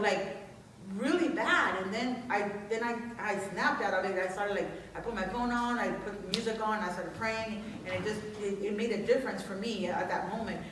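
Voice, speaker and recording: A woman's voice: mid-range voice, a little hiss or hum. A woman pastor giving an informal sermon, talking in a conversational, personal storytelling way. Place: church sanctuary. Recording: echoey room, distant mic.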